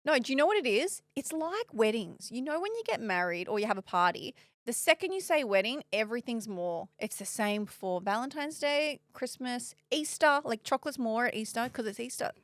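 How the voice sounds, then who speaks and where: A woman's voice: fairly high pitch, big pitch swings, fairly quick, no echo. A woman in her thirties hosting a podcast, chatting playfully and laughing often. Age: 30s. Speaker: podcast host. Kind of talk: casual chat.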